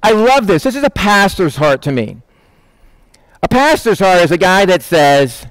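A middle-aged pastor preaching with a conversational, animated delivery. His voice sits a touch higher than most men's. The recording is dry and close, with almost no room sound. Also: normal speed, no echo. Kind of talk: sermon.

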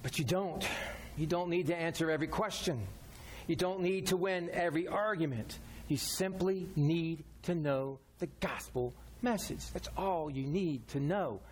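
A man's voice: on the high side, normal speed, slight background noise. A man preaching a sermon as a pastor, talking directly and conversationally, repeating his key phrases.

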